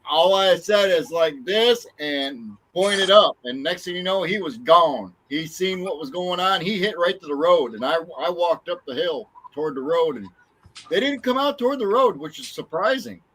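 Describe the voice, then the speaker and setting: Laid-back guy telling a kid story on a podcast, voice a bit high. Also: expressive, moderate pace, fairly bright tone, slight background noise, poor audio. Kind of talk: casual chat.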